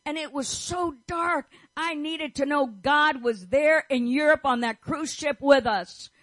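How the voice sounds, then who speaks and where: A woman's voice: sits high, a little slow, a bit bright, no echo, low-quality recording. A middle-aged woman preaching a fervent sermon, declaring and repeating her phrases as she prays over the listeners. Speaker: pastor's wife preaching.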